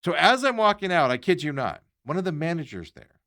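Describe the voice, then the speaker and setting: A man's voice on the high side, moving a little fast, belongs to a podcast host telling an everyday story. He's casually exasperated and animated, quoting and acting out what the others in it said.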